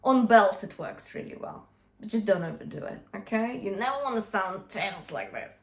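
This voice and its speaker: A woman's voice: medium pitch, expressive, normal speed, creaky. A woman vocal coach teaching a singing lesson, talking through technique and singing short demonstrations, checking in with "yeah?" and "okay?" as she goes. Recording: echoey room.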